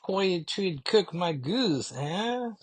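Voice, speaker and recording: A man's voice: high-pitched, sing-song, extremely slow, voice pushed up, exaggerated voice. A man voicing a tiny, brash male duck bounty hunter who turns his R and L sounds into W sounds. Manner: swaps R and L sounds for W.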